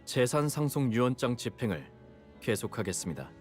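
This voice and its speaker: An actor playing a formal male fixer who reads out a will in a brisk, official manner. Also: mid-range voice, sing-song, soft background music, natural voice.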